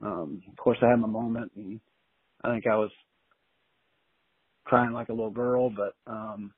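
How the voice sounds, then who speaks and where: Man, raspy voice, folksy animated storyteller, interview guest, phone-quality audio with no room sound. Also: on the low side, measured pace, no echo. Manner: colloquial, animated anecdote telling. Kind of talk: casual storytelling. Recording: tinny dry phone line.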